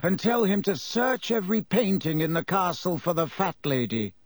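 A man voicing a calm, commanding elderly headmaster in an audiobook, speaking with measured authority. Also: high-pitched, no room sound, studio quality, voice pushed up.

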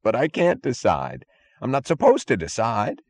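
A man's voice: mid-range voice, huge pitch swings, moderate pace, pitched above the performer's own voice. A man reading an audiobook, voicing a frightened male guard who stammers and pleads in a whine. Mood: pleading, panicky.

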